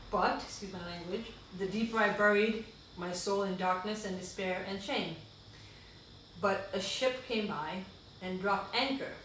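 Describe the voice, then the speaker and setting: A woman's voice: medium pitch, a bit bright. Earnest woman in a very echoey room. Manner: earnest and heartfelt, breaking into asides. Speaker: guest. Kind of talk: reading her own reflective writing aloud. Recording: very echoey room, far from the mic, faint noise.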